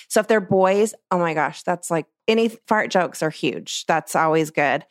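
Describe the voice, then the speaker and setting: A middle-aged woman, a portrait photographer, explaining her craft in a casual, animated way and acting out what she says to clients. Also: fairly low pitch, moderate pace, hardly any pauses, no room sound, clean studio sound. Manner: lively, acts out what she tells clients. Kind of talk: casual teaching talk.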